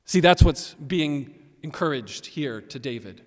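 A man preaching a sermon as pastor, animated and emphatic, swinging between loud and quiet. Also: medium pitch, moderate pace. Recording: long reverb of a large hall.

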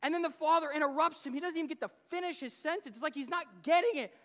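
A man preaching a sermon as a guest preacher, animated, acting out the father's lines in the story. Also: very high voice, racing. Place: church sanctuary. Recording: long reverb of a church hall.

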